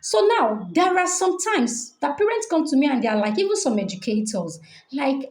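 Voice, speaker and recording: Her voice is high and sing-song at a normal speed: a middle-aged woman with a Nigerian accent coaching parents on reading instruction in an online training session. The room is echoey, and she repeats key points, checking in with "okay?".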